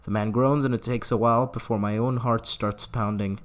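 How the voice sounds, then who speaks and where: A man's voice: medium pitch, fairly even intonation, normal speed. A man giving casual gameplay commentary, laughing often and reading game text aloud with asides. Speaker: gaming YouTuber.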